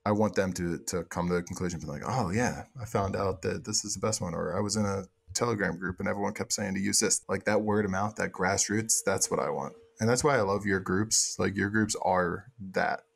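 A man, a podcast guest, talking casually and excitedly, swearing now and then, with lots of restarts. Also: deep voice, a little fast, creaky, few pauses, slightly rough. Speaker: guest, software project co-founder.

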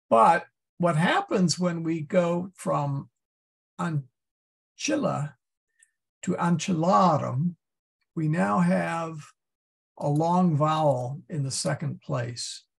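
A man teaching a Latin class, explaining step by step and thinking aloud with many pauses and fillers. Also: on the high side, creaky. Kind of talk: classroom lesson.

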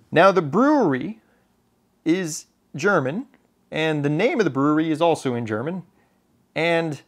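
Chatty American man talking to camera. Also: fairly high pitch. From United States. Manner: chatty, self-deprecating, with many ums and uhs. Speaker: photography YouTuber. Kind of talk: casual chat to camera.

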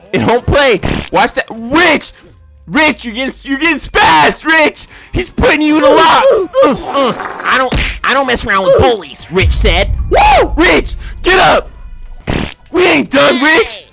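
Very high-pitched, excitable male gamer. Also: measured pace, creaky, over music. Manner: loud, slangy play-by-play, yelling and whooping at the game. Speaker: gaming channel host. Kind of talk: excited let's-play commentary.

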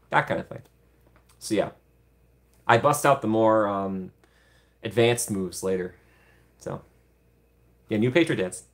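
A man's voice: fairly low pitch, animated, a little slow, pauses often. Chatty man hosting a livestream. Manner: chatty, laughs often, gushes thanks to viewers. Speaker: livestream host. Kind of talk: casual livestream chat.

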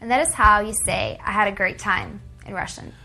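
A woman in a recorded language lesson, drilling phrases with slow repetition. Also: mid-range voice, fairly even intonation, gravelly, pushed and bright, soft background music. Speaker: language teacher.

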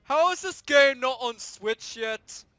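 A man's voice: extremely high pitch, lively intonation, slow, bright, forceful tone, no room sound, faint music behind, heavily acted. A man voicing a plush toy character who teases and boasts while playing a game. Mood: teasing. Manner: teasing and boastful. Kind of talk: gaming comedy voice acting.

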